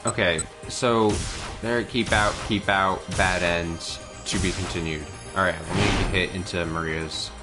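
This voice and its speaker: A man's voice: sits low, fairly even intonation, unhurried, loud music behind the voice. A man reading a visual novel aloud on stream, breaking off to laugh and comment. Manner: reads the story text, breaks off to laugh and comment. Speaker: let's play streamer.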